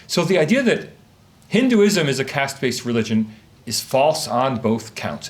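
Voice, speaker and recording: Speaking at normal speed with a medium-pitched voice, this male academic addresses a live audience in a conference room. He reads from notes and delivers his talk in an animated, questioning manner.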